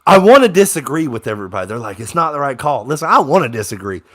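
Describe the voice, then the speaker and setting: A young man giving casual live reaction commentary on a game as a fan, swinging from low grumbling to excited shouts on big plays. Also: quick pace.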